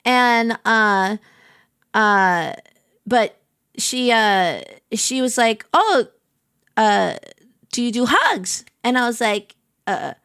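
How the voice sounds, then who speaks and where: A woman's voice: a little high, drawn-out words, pauses often, clean tone, no room sound, studio quality. A woman streamer casually telling a story to her chat, acting out the quotes from it. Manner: animated anecdote telling with acted-out quotes.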